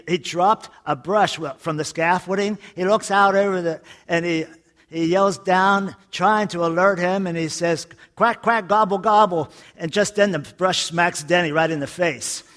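A man preaching a sermon to his congregation, telling jokes and stories and repeating his points emphatically. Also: high-pitched. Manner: lively storytelling preacher with jokes and emphatic repetition. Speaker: pastor.

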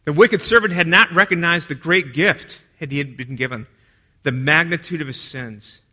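Bright-voiced man preaching a sermon. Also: a little high, normal speed. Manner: dynamic, drops to a hush for quoted lines.

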